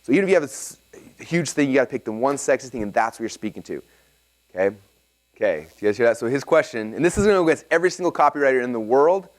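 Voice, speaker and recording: A man teaching a live seminar to an audience and taking their questions, energetic and excitable, often checking in with "okay?". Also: medium pitch, racing. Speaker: seminar presenter.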